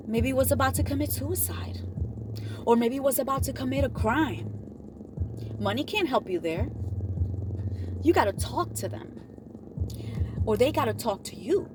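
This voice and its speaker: High, lively woman giving motivational advice. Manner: animated, acts out quoted dialogue with big pitch swings. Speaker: motivational vlogger.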